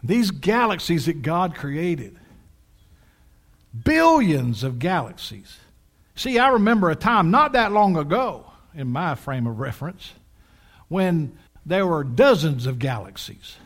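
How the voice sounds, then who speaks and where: An older male pastor preaching a sermon, swinging from quiet, drawn-out lines to loud, excited peaks, with folksy asides to the congregation. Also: a little high. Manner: dramatic swings from hushed to shouting, folksy asides.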